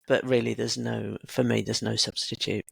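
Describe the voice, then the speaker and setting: A woman's voice: very deep voice, normal speed, gravelly, slightly rough, dry recording. A woman in her sixties, a guest creative coach, talking reflectively and telling stories in a casual conversation. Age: 60s. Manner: reflective, animated storyteller.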